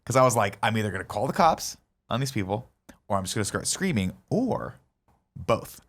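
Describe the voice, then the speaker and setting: A man's voice: fairly low pitch, sing-song, brisk. A man, a podcast co-host, telling a heated story in casual chat and swearing a lot.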